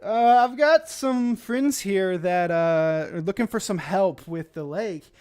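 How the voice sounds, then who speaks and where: A man voicing Theo, a cheerful, friendly young man who calls out loudly. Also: sits high, slow, smooth, voice pushed up. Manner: bright and calling out loudly.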